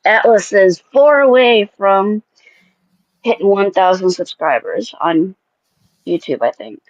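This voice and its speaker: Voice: medium pitch, animated, slow, no room sound, muffled recording. An easygoing co-host chatting casually on a livestream with short agreeing replies.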